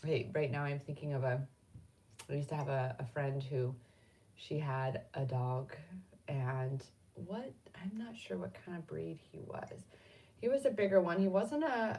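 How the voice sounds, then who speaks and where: Rambling middle-aged woman, lowish voice. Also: recorded from a distance. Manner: rambling and spontaneous, with sudden animated bursts. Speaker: spiritual card reader and host. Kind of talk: casual live card-reading chat.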